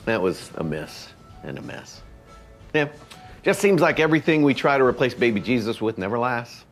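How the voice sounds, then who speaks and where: An actor playing a cheerful, oblivious dad in a comedic church skit, rambling earnestly with fillers. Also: male voice, mid-range voice, very animated, normal speed, faint music behind, lightly acted. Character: goofy cheerful dad with a levitating star topper.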